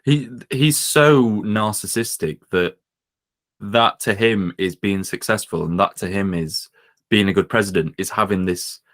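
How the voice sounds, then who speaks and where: A man's voice: lowish voice, a bit bright. A man co-hosting a casual political podcast, opinionated and mocking. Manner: opinionated, mocking, slips into quick impressions. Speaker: podcast co-host.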